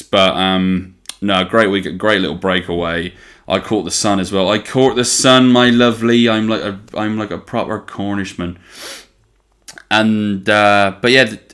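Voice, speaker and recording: A young man with a notably low voice hosts his podcast alone in easygoing chat, putting on a playful West Country twang. He is enthusiastic and loose, swears freely, repeats phrases and keeps calling his listeners his lovelies. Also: fairly bright tone. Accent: playful put-on West Country twang. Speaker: podcast host. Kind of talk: casual solo chat.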